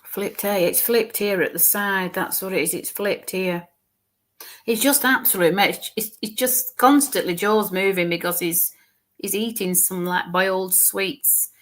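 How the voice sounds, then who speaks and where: A woman giving a live mediumship reading, speaking in a halting way, repeating words as she describes what she sees, and sometimes dropping to a murmur. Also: mid-range voice, fairly even intonation, a bit bright.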